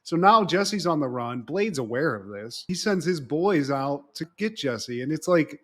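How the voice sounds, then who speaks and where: A man co-hosts a casual podcast and retells a TV episode with lots of energy. His voice sits fairly high for a man, and he swears freely. He keeps dropping into quick impressions of the characters as he talks. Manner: animated, swearing, acts out characters' lines. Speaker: podcast co-host. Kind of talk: casual chat recapping a TV episode.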